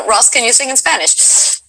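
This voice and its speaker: A voice actress chatting casually and playfully, asking another actor questions. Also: female voice, a little high, lively intonation, unhurried, background noise. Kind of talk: casual chat.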